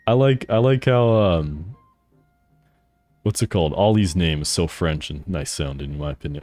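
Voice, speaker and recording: A man's voice: sits low, normal speed, darkish tone, no echo, soft background music. A man streaming a game, chatting casually with his chat, laughing often and swearing freely. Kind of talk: casual live-stream chat while gaming.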